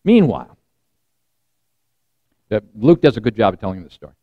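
A man giving a sermon in a loose, conversational way, often restarting phrases and dropping to a hushed tone. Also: fairly low pitch, big pitch swings, normal speed, narrow, tinny audio. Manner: conversational and digressive, many repeated starts. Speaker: preacher.

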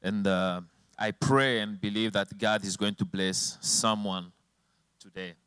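A man's voice: fairly low pitch, fairly even intonation, measured pace, a bit bright, clean tone, no room sound. A male preacher telling a personal testimony in a sermon, emotional, his voice rising and falling sharply. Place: church with slides and a helper at the computer.

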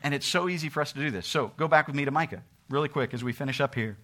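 A man preaching a sermon, asking rhetorical questions and swinging between loud emphasis and quiet asides. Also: medium pitch, racing. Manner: asks rhetorical questions and acts out what people say to God.

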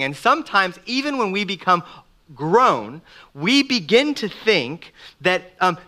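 Lively middle-aged man preaching a sermon. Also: sits high. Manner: animated, acts out voices of people he quotes. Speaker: pastor.

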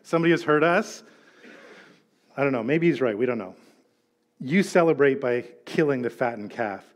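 A middle-aged male pastor giving a sermon, telling a story with animated delivery and acted-out quotes. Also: medium pitch, normal speed.

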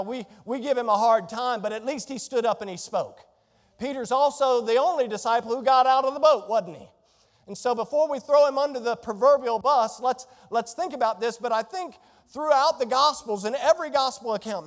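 A man preaching a sermon in a church, building from quiet scripture reading to emphatic declarations. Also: extremely high pitch, long reverb tail. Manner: rising to emphatic, near-shouted declarations. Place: church sanctuary.

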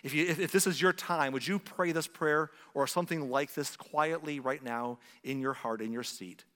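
A man preaching as a pastor, leading an earnest Easter altar call and a slow, hushed prayer in a church. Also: a little high. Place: church sanctuary. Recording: long hall reverb.

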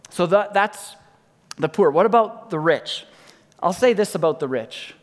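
A fairly high-voiced man delivers a sermon from the pulpit, leaning on repeated phrases and letting his sentences fall soft and quiet. His voice rings out through the long reverb of a large church hall. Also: lively intonation, measured pace. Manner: emphatic, repeats key lines, drops to soft quiet endings. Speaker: pastor.

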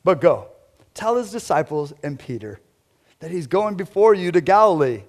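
An angel who speaks with easy, unhurried calm, as a man puts him on. The voice sits a little high and drawls gently, more chilled-out than solemn, like a relaxed figure from a storybook sermon. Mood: laid-back. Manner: laid-back, unhurried. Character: calm male angel at an empty tomb. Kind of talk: scripture reading with a put-on voice.

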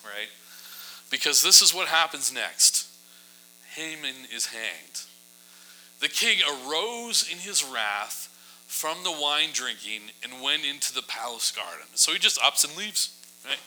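A male pastor retelling scripture in a relaxed, joking way, often checking in with his listeners. His voice is bright and forceful at a mid pitch. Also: unhurried, rough recording. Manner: casual, humorous storytelling with asides. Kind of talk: sermon.

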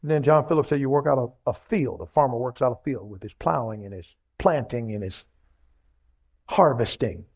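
A man's voice: mid-range voice, moderate pace, darkish tone, breathy edge. A male pastor, preaching a sermon in a rhythmic style and calling for responses from the congregation.

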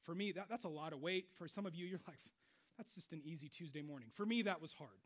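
A middle-aged man preaching a sermon, animated, swinging between loud exclamations and quiet low stretches. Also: quick pace. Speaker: pastor.

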